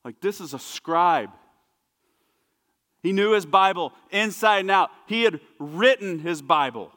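A man preaching a sermon as pastor, emphatic and repetitive, dropping to hushed asides. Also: high-pitched, expressive, measured pace, in a large hall. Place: church sanctuary.

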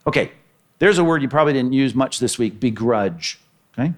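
A man preaching a sermon, reading scripture and acting out the characters' voices with lively energy. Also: mid-range voice, brisk. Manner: animated, acts out the characters' lines in the parable. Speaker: pastor.

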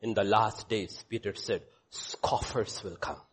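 A man preaching a sermon, animated, swinging between loud exclamations and quiet asides, joking with the congregation. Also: on the low side, measured pace, husky. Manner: jokes with the congregation, calls on children by name. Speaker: pastor.

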